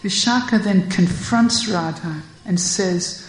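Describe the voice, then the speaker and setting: Slow, gentle female storyteller. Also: mid-range voice, fairly even intonation, reverberant, faint music behind, rough recording. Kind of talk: storytelling narration.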